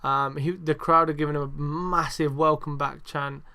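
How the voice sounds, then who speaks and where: A young man talks through a casual podcast review with a slightly high voice. He swears freely, rambles with plenty of fillers, and rants in frustration. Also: flat delivery, moderate pace, sharp tone, smooth. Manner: sweary, ranting, heavy on fillers. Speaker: podcast host.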